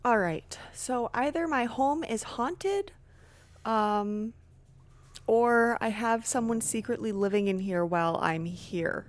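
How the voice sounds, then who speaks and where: Jittery high-voiced woman streamer. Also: takes it slowly. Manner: jittery, nervous self-talk. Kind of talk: casual live gameplay commentary.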